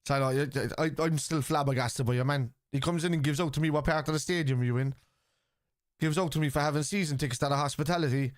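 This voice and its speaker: Sweary Irish football streamer, dry close mic. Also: male voice, a little high, fast talker, dry recording. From Ireland. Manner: blunt, sweary, excitable shouts at goals. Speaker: football watchalong host. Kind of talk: live watchalong chat reacting to chat.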